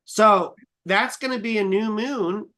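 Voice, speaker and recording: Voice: mid-range voice, takes it slowly, sharp tone. An astrologer co-hosting a live stream, talking in a casual, teasing way, swearing freely and calling people sweetheart. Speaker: astrologer co-host.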